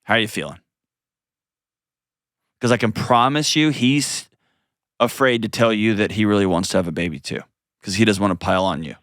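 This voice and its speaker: A man hosting an advice call-in show, talking in an earnest, gently coaching way and often restarting his sentences. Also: fairly low pitch, moderate pace, long pauses, dry recording, clean studio sound. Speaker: host.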